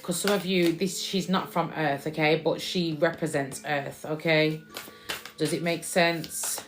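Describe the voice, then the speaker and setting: Chatty woman reading oracle cards. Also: on the low side. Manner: chatty, repeats lines she hears from spirit. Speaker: spiritual card reader. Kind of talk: casual intuitive card reading.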